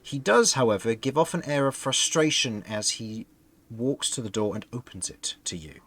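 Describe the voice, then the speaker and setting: A man's voice: mid-range voice, lively intonation, normal speed, a bit bright. Man narrating as game master. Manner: descriptive narration, laughs often.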